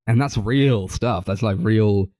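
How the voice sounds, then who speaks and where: A man with a low, deep voice talks through a film in a loose, rambling way. He hedges most points with "like" and "I suppose", and his tone is mellow and relaxed. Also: takes it slowly, no room sound, rough recording. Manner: rambling, hedging, full of "like" and "I suppose". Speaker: podcast co-host. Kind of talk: casual film discussion.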